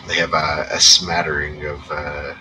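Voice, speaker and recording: A man's voice: a bass voice, level tone, measured pace. A man running a tabletop game, describing scenes casually with lots of fillers. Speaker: game master. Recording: distant mic, faint noise.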